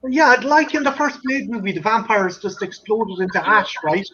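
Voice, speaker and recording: A man's voice: high voice, lively intonation, moderate pace, bright, forceful tone, lo-fi sound, a little hiss or hum. An Irish man hosting a casual stream chat, joking and swearing often as he rambles. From Ireland. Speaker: stream host.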